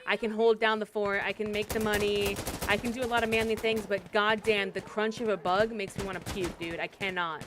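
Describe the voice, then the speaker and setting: A woman's voice: medium pitch, steady tone, a little fast, few pauses, noisy background. A young adult woman streaming a game, telling stories in blunt, profane casual chat with frequent laughs. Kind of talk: casual chat while gaming.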